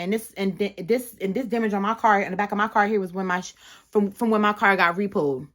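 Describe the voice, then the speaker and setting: A woman's voice: mid-range voice, a little fast. Heated, profane woman vlogger ranting. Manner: heated, blunt and profane, with many restarts. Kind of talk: casual storytime rant.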